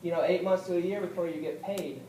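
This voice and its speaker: Young male veteran speaker, fairly high voice, halting and earnest, picked up from across an echoey hall with faint noise. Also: warm tone, recorded from a distance. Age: young adult. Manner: halting, earnest, repeats himself, rises when upset. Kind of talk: personal speech at a political event. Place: event hall.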